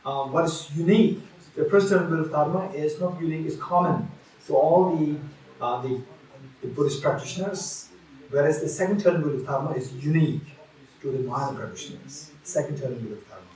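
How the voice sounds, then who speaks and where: A man's voice: fairly high pitch, a little fast, darkish tone, very echoey, far from the mic, poor audio. A man giving a Buddhist teaching at a retreat, repeating key phrases and restarting often.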